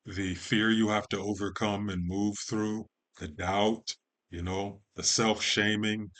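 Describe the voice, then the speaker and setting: A man, a podcast guest, talking in a measured, poetic way and lingering on long lists of words. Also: fairly low pitch, flat delivery, fairly bright tone. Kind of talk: slow reflective conversation.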